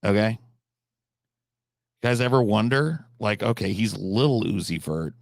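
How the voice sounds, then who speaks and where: A man hosting a live stream, telling rambling, absurd comic stories with deadpan delivery and profane asides. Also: lowish voice, unhurried, gravelly, no room sound, clean studio sound. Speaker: livestream host.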